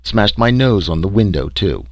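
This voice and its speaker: A man's voice: sits low, sing-song, moderate pace, a little mellow, no echo, full character voice. Man reading a wry sarcastic explorer. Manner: sarcastic, dry storytelling. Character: wry male explorer recounting his trek.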